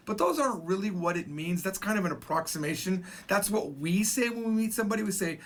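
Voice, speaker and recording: A man teaching a recorded Japanese lesson, explaining slowly and repeating phrases, with casual asides. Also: high voice, animated. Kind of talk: recorded video language lesson.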